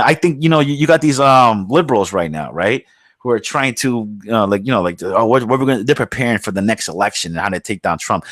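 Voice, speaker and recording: A man's voice: medium pitch, dry recording. A man hosting a podcast in a casual, rambling rant, swearing often and filling gaps with "you know what I mean.". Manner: rambling, swears a lot, many fillers. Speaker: podcast host. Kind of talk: casual profane political rant.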